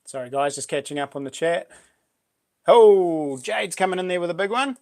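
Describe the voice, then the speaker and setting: A man's voice: high-pitched, moderate pace, gravelly. Laid-back New Zealand man chatting. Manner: relaxed, chatty, laid-back slang, reads out viewer comments. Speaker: livestream host. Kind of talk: casual live-stream chat.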